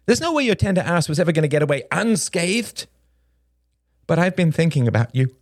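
Brief: restless, sharp-tongued young woman in an audiobook, lively swooping pitch, dry close sound, voiced by a male reader. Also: no room sound. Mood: pleading. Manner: rapid, restless, sardonic rambling. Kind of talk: audiobook character reading.

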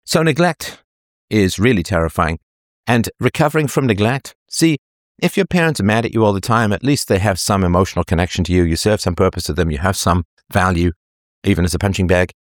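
A man's voice: lowish voice, no room sound, clean studio sound. A middle-aged man hosting, reading out listener questions and answering in an emphatic monologue, acting out quoted dialogue as he goes. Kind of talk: casual monologue.

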